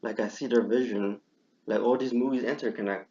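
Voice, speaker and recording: A young man talks casually, retelling what he thought and jumping up in pitch when he replays his surprise. His voice sits at an ordinary middle pitch. The recording is muffled and lo-fi. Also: fairly quick. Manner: excitable storyteller, acts out his own past reactions. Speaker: podcast host. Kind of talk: casual chat.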